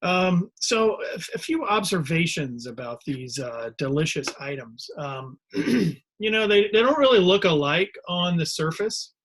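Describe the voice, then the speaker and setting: A man's voice: a little high, expressive, a little slow, fairly bright tone. A man hosting a rambling, digressive comedic monologue. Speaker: host.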